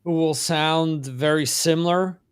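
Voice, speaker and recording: A man from the United States hosting a casual music chat podcast, relaxed and unhurried, with lots of fillers and restarts. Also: a little high, smooth. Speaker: podcast host.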